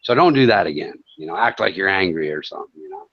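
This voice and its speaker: Over a noisy background, a deep-voiced man talks fast and animatedly as he hosts a livestream from home in Thailand. He rants at trolls in chat, profane, taunting, and sarcastic, and the stream audio sounds dull and lo-fi.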